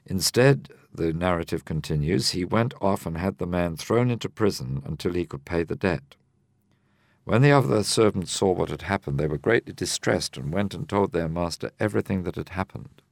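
A man, older, explaining a Bible parable in a measured, teaching way on a discussion program. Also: low-pitched, creaky, no room sound, studio quality. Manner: measured, explanatory, reads scripture aloud.

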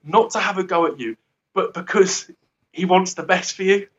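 A man's voice: sits high, fairly even intonation, moderate pace, a bit bright, muffled recording. A man giving an earnest, rambling devotional talk who often laughs at himself. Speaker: guest speaker.

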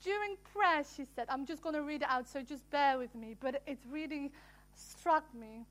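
A woman with a high, light voice leads a small prayer gathering. She speaks earnestly and gently, pausing and restarting as she reads a devotional passage aloud.

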